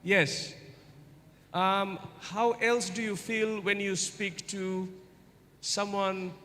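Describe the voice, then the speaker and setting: Slow, high-voiced man lecturing in a hall. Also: little pitch movement, sharp tone. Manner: interactive, keeps asking the audience questions; slow, deliberate delivery with repetitions. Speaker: guest lecturer. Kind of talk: informal university lecture to students. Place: large university hall. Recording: long hall reverb.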